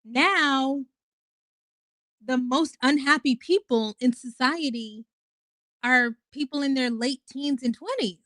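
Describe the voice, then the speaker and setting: A woman in her twenties hosting her own stream, talking in a loose, rambling way full of fillers and casual swearing. Her voice sits a little high, and the sound is dry with no room echo. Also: slow pace, a bit bright. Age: 20s. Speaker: host. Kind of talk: casual livestream talk.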